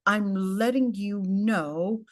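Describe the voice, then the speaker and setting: A woman's voice: mid-range voice, slow, dry recording. Woman teaching Arabic words, dry close sound. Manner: explains step by step, often asks "okay?"; moves between English and Arabic terms. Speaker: Quran tafseer teacher. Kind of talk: casual classroom lecture.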